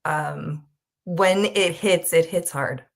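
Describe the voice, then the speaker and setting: An earnest woman speaking on a candid livestream panel. She has a fairly low voice and often repeats words as she finds her point. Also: takes it slowly, gravelly. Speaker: panel guest.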